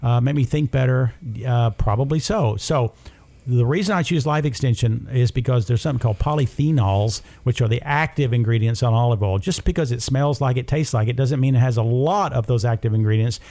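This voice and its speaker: A man's voice: medium pitch, brisk, dark tone. Guy hosting a health show, opinionated, ticks off his points one by one. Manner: opinionated, talks in numbered points. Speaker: health talk show host. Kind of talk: casual chat.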